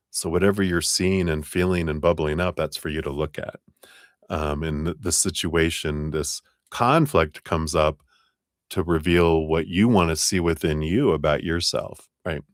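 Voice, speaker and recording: A man's voice: rumbling low, moderate pace, no room sound, clean studio sound. A man doing a live tarot reading, musing and easygoing, with many fillers and restarts. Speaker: tarot reader.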